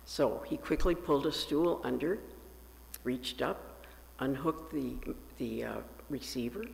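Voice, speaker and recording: A male pastor telling a story during a sermon, raising his pitch when he quotes the characters. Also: creaky, long reverb tail, slight background noise. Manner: slow, lifts his pitch for quoted voices. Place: church sanctuary.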